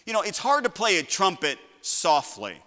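A male preacher with a bright, ringing voice pitched a little high. His passionate sermon climbs to loud shouts and then drops into quiet asides. His voice carries the long echo of a large hall. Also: big pitch swings, normal speed. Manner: impassioned preaching, rising to shouts then dropping low. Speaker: pastor.

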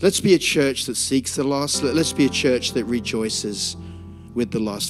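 A man, preaching a sermon and telling a lively personal story with many restarts. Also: medium pitch, normal speed, soft background music. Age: 50s. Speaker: pastor.

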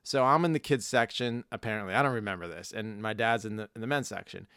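A man's voice: on the low side, fast, a bit bright, smooth, no room sound, studio quality. A man in his thirties hosting a podcast, telling rambling stories and swearing freely in casual chat. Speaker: podcast host.

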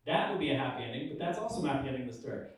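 A man talking casually about the Bible like a pastor, animated and humorous as he tells stories. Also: medium pitch, very fast. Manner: animated, humorous storytelling with acted-out quotes. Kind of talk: casual preaching talk. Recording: echoey room, far from the mic.

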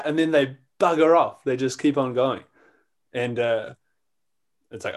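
A man's voice: medium pitch, normal speed. A man telling a rambling, hesitant story as a student in an improv class.

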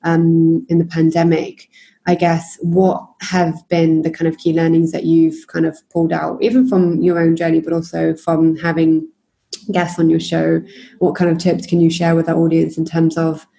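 A woman hosts a podcast conversation over a video call. She speaks in a low, mellow voice with little rise and fall, and her relaxed delivery is full of fillers. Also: normal speed, gravelly. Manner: relaxed, many fillers, laughs easily. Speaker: podcast host. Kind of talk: casual interview chat.

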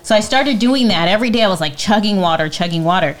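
A woman's voice: medium pitch, lively intonation, quick pace, slight background noise. A woman in her forties co-hosts a live podcast in a casual, chatty way. She tells stories freely and laughs often as she talks. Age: 40s. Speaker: podcast co-host.

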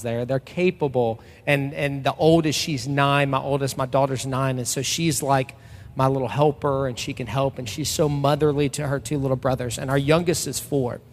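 A man in his thirties preaching a casual, conversational sermon to a church. He talks loosely and personally, with frequent restarts and fillers. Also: medium pitch. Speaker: pastor. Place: church sanctuary. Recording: long reverb in a large hall.

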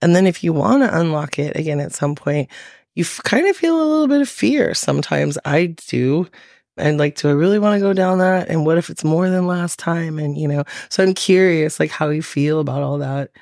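A woman's voice: low-pitched, fairly quick, gravelly, no room sound, clean studio sound. A woman talking casually as a guest and telling stories with lots of "like" fillers. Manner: chatty, many "like" fillers, animated storytelling. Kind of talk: casual conversation.

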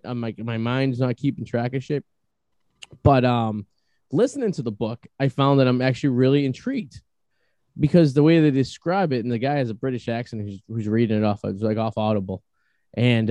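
A man with a Boston accent hosting a podcast, talking in a rambling, halting way with many restarts. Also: medium pitch, warm tone, no room sound. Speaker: podcast host. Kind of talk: casual chat.

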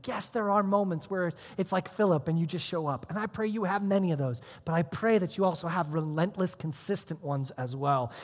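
Preaching man in an echoing hall. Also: a little high. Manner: swings from hushed near-whispers to loud, emphatic storytelling. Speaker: pastor. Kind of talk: sermon. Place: church auditorium.

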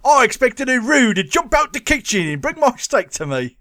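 Male podcast co-host, high lively voice, animated and jokey, dry close recording. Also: moderate pace, dry recording. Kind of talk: casual movie discussion.

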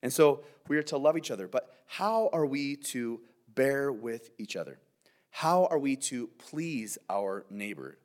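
A man's voice: medium pitch, sing-song, unhurried, a little mellow. A male pastor giving a verse-by-verse sermon, earnest and conversational, often saying "man" and asking "right?".

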